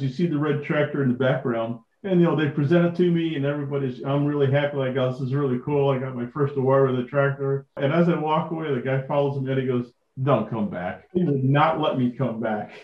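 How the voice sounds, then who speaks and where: A middle-aged man, a podcast guest, telling casual stories with lively acted-out dialogue and frequent laughs. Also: a little high. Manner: animated, acts out quoted dialogue, laughs often. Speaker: guest, vintage tractor collector. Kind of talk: casual anecdotal storytelling. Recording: echoey, dull lo-fi audio.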